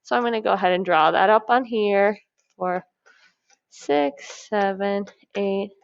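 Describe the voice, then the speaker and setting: Gravelly, upbeat woman teaching math. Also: mid-range voice, steady tone, measured pace, dry recording, muffled recording. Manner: upbeat, encouraging, thinks aloud step by step. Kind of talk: recorded classroom lesson.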